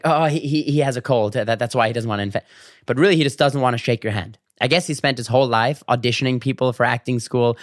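A man in a casual comedic vlog monologue, telling stories with quick asides and animated bursts. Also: medium pitch, dry recording, studio quality. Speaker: vlogger.

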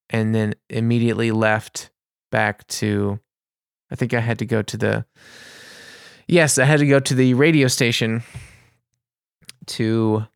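A man telling a casual anecdote in an animated, exasperated way, with vivid asides. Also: medium pitch, gravelly, clear, resonant tone, no room sound, clean studio sound. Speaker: storyteller.

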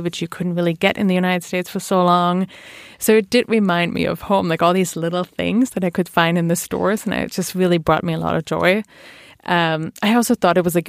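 A woman's voice: fairly low pitch, dry recording, clean studio sound. A woman from Germany with a German accent, chatting as a guest and telling stories with fillers and laughs. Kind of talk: casual interview chat.

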